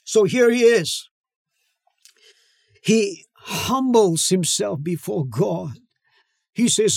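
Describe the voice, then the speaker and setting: A middle-aged male pastor preaching a sermon, emphatic, with dramatic slow-downs and sudden shouts. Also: high voice, lively intonation, gravelly, no room sound, clean studio sound.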